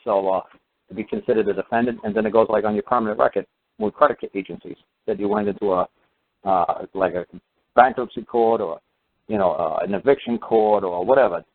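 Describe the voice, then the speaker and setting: A man's voice: lowish voice, fairly quick. A man telling a long story in a casual, rambling way, full of fillers and restarts. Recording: tinny phone line.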